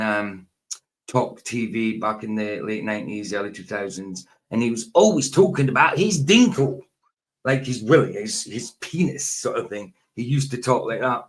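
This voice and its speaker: A man in his forties talks through a late-night reaction video, rambling and correcting himself as he goes. His voice sits a little low. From Scotland. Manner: rambling, self-correcting, chatty. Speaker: YouTube reaction host.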